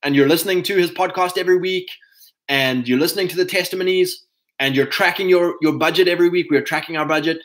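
A man's voice: high voice, quick pace, fairly bright tone. A man giving a casual, rambling motivational talk to other men as a podcast host, full of fillers and restarts, calling his listeners chaps.

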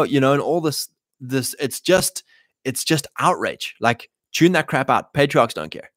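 A man's voice: medium pitch, sing-song, measured pace, fairly bright tone, no room sound. A man with a mid-range voice gives a casual, preaching talk to other men. He is blunt and exhorting and retells old stories in loose slang. The sound is close and dry. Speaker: podcast host addressing men.

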